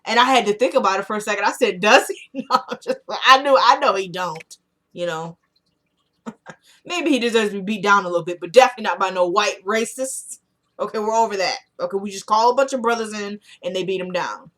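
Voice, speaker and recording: A woman's voice: mid-range voice, a little fast, a bit bright. A woman giving a casual recap of a TV episode, chatty, laughing often and acting out the characters' lines.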